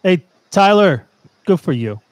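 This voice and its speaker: Guy with a high voice ribbing his friends on a podcast. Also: very animated, crowd noise. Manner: bantering, quick to mock. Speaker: podcast co-host. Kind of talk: casual joking chat.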